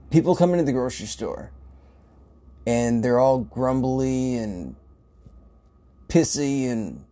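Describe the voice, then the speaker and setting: Guy from a grocery store rambling along slow, cussing n laughing, mid-pitched voice. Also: dark tone. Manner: rambling, swears, laughs often, many restarts. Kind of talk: casual storytelling.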